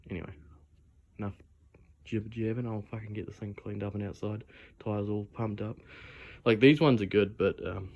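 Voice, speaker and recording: In a garage, a young man holds his phone to film a casual vlog, rambling and swearing often. His voice is lowish with a darkish tone, and a bit of hiss or hum sits under it.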